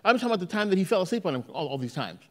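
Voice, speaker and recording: Speaking very fast in a high voice, a male pastor preaches a sermon in a church. He tells stories with animation and acts out the quotes.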